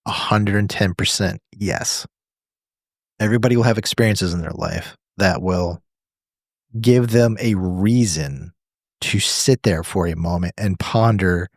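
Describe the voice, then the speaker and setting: A man's voice: sits low, unhurried, creaky, no room sound, clean studio sound. A man co-hosting a podcast, telling a story with emphasis and answering his own questions. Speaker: podcast co-host.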